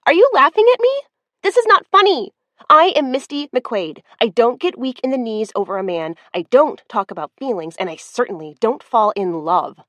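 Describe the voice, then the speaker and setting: A woman voicing a flustered, proud young woman who talks in rushed, agitated bursts in an audiobook. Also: medium pitch, lively intonation, dry recording, close to an everyday voice. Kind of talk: audiobook character voice.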